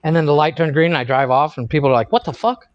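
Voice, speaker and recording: A man's voice: fairly high pitch, fairly even intonation, racing, no room sound. A man in his thirties co-hosting a podcast, chatting casually, swearing freely and laughing at his own stories. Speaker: podcast co-host. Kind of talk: casual chat. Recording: dry, muffled lo-fi sound.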